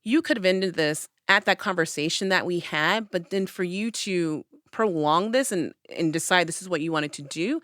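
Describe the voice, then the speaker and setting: Animated lower-voiced woman telling a story. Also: moderate pace, few pauses, no echo, studio quality. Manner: animated storyteller who acts out her own past lines. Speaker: podcast host. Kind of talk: casual chat, personal storytelling. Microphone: studio podcast mic.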